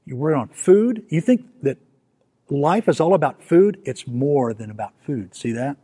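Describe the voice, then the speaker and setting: A man preaching voices Jesus as a calm, patient teacher gently correcting a worried listener. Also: fairly high pitch, normal speed, slightly rough. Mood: calm teaching. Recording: long hall reverb.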